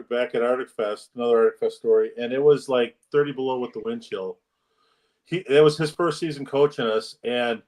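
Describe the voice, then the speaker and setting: A man's voice: mid-range voice, darkish tone. Rambling man, far from the mic. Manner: rambling, many restarts and fillers. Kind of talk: casual storytelling chat.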